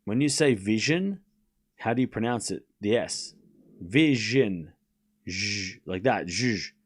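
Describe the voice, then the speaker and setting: A man's voice: fairly low pitch, lively intonation, normal speed. Australian man chatting through a live stream. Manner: playful, repeats words, responds to chat. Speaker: livestream host. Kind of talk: casual live commentary to chat.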